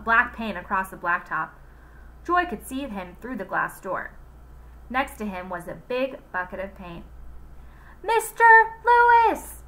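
A woman reading a children's book aloud in an expressive, unhurried way. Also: medium pitch, low-quality recording.

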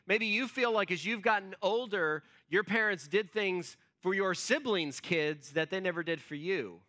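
Brief: man preaching in church, high and bright voice, chatty storyteller who leans on fillers. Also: moderate pace. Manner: conversational storytelling, acts out quotes, frequent fillers. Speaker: pastor. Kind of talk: sermon.

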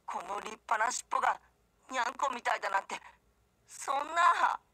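A man's voice: extremely high pitch, expressive, fast talker, sharp tone, full character voice. A jittery boy who fears cats. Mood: frightened. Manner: flustered, stammering. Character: timid young boy who dreads cats. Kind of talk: Japanese game voice acting. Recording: dry studio recording.

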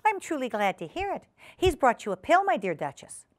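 A woman's voice: sits high, sing-song, a little fast, no echo, clean studio sound, pitched above the performer's own voice. A woman voicing a prim, polite lady cat hostess in a storybook reading, in a raised, genteel voice.

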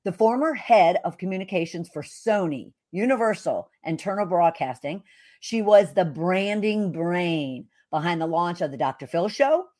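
A woman's voice: lowish voice, animated, moderate pace, dark tone. A woman hosting an interview podcast, introducing her guest with effusive enthusiasm. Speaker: podcast host.

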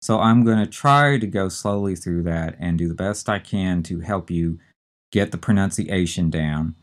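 A man teaching a recorded medical terminology lecture, speaking slowly and carefully and spelling out terms letter by letter. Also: sits low. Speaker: instructor.

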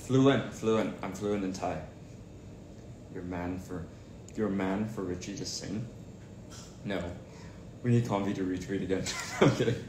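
A man's voice: low voice, moderate pace, long pauses. A young man co-hosting a casual livestream, teasing and reading viewer comments aloud. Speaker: livestream co-host. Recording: echoey room with hiss.

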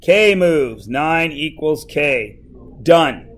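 A man teaching math in a classroom, his voice a bit high and his delivery slow and unhurried. He walks his students through each step and keeps breaking off to tease them, with the students around him in the room. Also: lively intonation. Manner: joking, teasing students.

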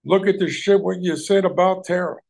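A man's voice: high voice, steady tone, brisk, gravelly, a little mellow. A man hosting a livestream, ranting heatedly at people in his chat and swearing heavily. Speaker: livestream host.

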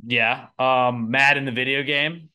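A young man hosting a casual podcast chat, jokey and animated, jumping between loud bursts and low mutters. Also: unhurried, clean tone. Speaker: podcast host.

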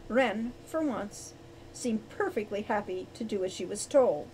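A woman narrating a storybook chapter, acting out each character's lines with lively changes of voice. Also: mid-range voice, moderate pace, a little hiss or hum, rough recording. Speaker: audiobook reader.

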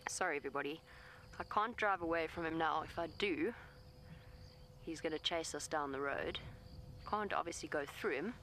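A woman's voice: deep voice, normal speed, a bit bright, slight background noise. A woman safari guide talking outdoors from her vehicle, coaxing an elephant in a soothing, pleading voice and explaining its behavior to viewers. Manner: explains animal behavior matter-of-factly. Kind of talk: live commentary to camera.

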